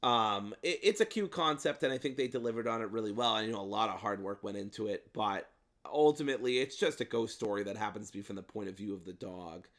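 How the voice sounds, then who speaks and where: A man with a lowish voice chats casually about the horror films he watched. He rambles, fills gaps with ums and throws in playful swearing. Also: fast, fairly bright tone. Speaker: podcast co-host. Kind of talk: casual movie review chat.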